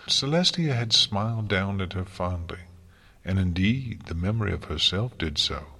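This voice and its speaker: A man narrating a fantasy story in a calm, steady audiobook reading. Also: sits low, breathy edge. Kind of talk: audiobook reading of fan fiction.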